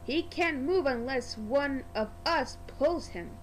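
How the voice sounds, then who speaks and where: A woman's voice: sits high, animated, takes it slowly, a little hiss or hum, rough recording. A woman voicing a proud, pompous male express engine who sniffs with scorn. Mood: scornful.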